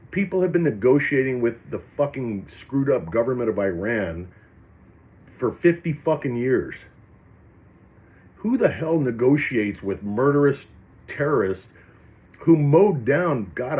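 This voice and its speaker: A man's voice: mid-range voice, a little mellow. A man delivering a rambling, profanity-laced political rant on his vlog. He sounds angry throughout, restarts his sentences often and keeps piling on insults. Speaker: vlogger. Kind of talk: ranting political commentary.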